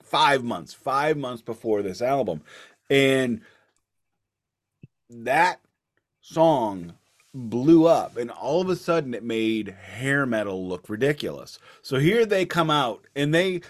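A man's voice: medium pitch, lively intonation, slow. A man co-hosting a casual music podcast, chatty and correcting himself as he goes. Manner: chatty, self-correcting, laughs easily. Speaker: podcast co-host. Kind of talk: casual chat about music.

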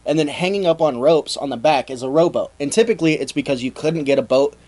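Young male co-host, casual storyteller, slightly high voice. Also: fast talker, a little mellow. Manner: laid-back storytelling with swearing and acted-out quotes. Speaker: podcast co-host. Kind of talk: casual history podcast storytelling.

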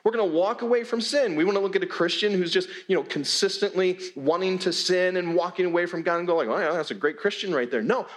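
A male pastor preaching a sermon in a church, with a conversational, emphatic delivery and frequent repeated words. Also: sits high. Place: church sanctuary.

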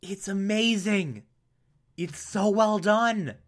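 A man's voice: high-pitched, slow. A man giving a casual, enthusiastic spoken review of a cartoon episode, rambling and breaking off mid-thought. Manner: enthusiastic, rambling, self-interrupting. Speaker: show reviewer.

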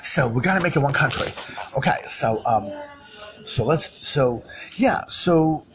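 A man's voice: mid-range voice, lively intonation, unhurried, noisy background. Rambling man in a loose solo monologue. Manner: rambling, full of fillers and restarts, repeats himself.

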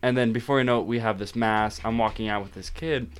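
A man's voice: fairly low pitch, steady tone, fast talker, clear, resonant tone. A young man hosting a podcast, telling stories in a casual chat with lots of fillers and laughter. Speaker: podcast host.

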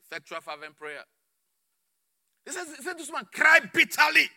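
A man preaching a sermon with fervor, repeating phrases and swinging between shouts and low murmurs. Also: sing-song, moderate pace, gravelly, long pauses.

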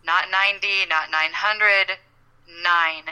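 A woman's voice: lowish voice, steady tone, slow pace, sharp tone, smooth, low-quality recording. A woman co-hosting a podcast in casual chat, wry and rambling, often restarting her sentences. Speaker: podcast co-host.

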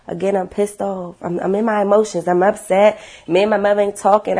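A woman sharing her life story with viewers in a casual, animated testimony, blunt and swearing freely. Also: mid-range voice, moderate pace, husky.

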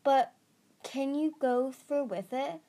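A woman's voice: high voice, slow pace, warm tone, pitched above the performer's own voice. A woman voicing a reluctant, uneasy male dragon in an amateur audiobook reading, hesitant and defensive.

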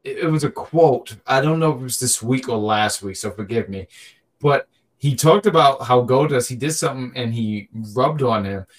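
A podcast co-host chats casually and animatedly about wrestling, joking and often repeating himself. His voice is medium-pitched and his pace is normal.

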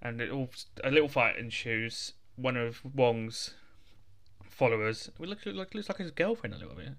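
A man's voice: mid-range voice, lively intonation, normal speed, a bit bright. A man, co-hosting a casual film chat, laid-back and jokey as he quotes the characters. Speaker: podcast co-host.

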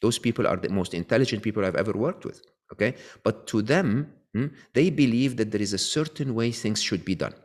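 A fairly quick, animated man with a lowish voice speaks as a guest author in an interview. He explains his views, keeps checking in with "okay?", and often restarts his sentences.

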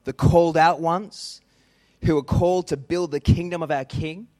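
A man's voice: fairly high pitch, fairly even intonation, moderate pace, warm tone, dry recording. A man with an Australian accent preaching a sermon as a pastor, emphatic and stacking lists for effect.

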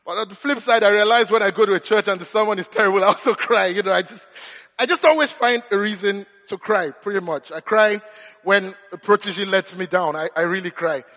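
A man's voice: high voice, brisk, sharp tone, big-room sound. A man preaching a sermon, telling humorous, self-deprecating stories. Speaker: pastor.

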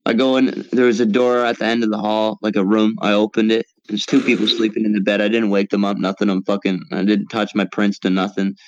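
A man's voice: lowish voice, flat delivery, brisk, hardly any pauses, dry recording. A man in a casual group voice chat, telling a long story in a rambling, profane way. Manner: profane, rambling storyteller, talks over others. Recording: dull, lo-fi mic.

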